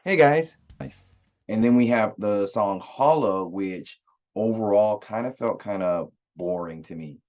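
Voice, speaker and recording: A man's voice: lowish voice, unhurried, warm tone, lo-fi sound. A man giving a loose, rambling spoken review of an album as a music reviewer, with many fillers and restarts.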